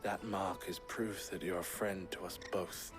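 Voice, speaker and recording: An actor playing a wry, smooth-talking smuggler brother in a video game cutscene, with music behind. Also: male voice, deep voice, fairly even intonation, unhurried. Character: sly smuggler man, Eloise's brother Theodore.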